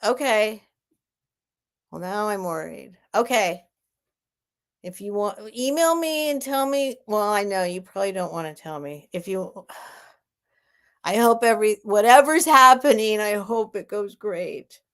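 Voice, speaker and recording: A woman hosting a live online sale at home, chatting casually and rambling with soft laughs. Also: mid-range voice, expressive, measured pace, pauses often. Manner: rambling and warm-hearted, with frequent soft laughs. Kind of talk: casual live-stream chat.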